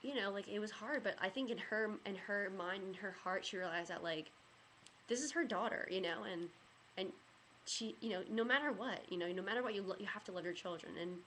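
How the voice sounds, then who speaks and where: A young woman with a slightly low voice tells a personal story into her camera, rambling and leaning on "like" and "you know". She sounds emotional throughout, close to getting choked up, and a faint hiss runs under the recording. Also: a bit bright. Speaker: vlogger.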